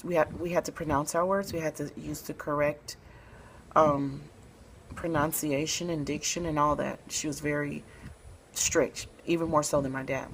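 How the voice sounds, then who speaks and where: A woman from Memphis, Tennessee, with a notably low-pitched voice tells a personal story straight to camera. She talks in a relaxed, soft-spoken way and often pauses on fillers. A faint hum of noise sits underneath her voice. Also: poor audio. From Memphis, Tennessee, USA. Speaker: vlogger telling a personal story.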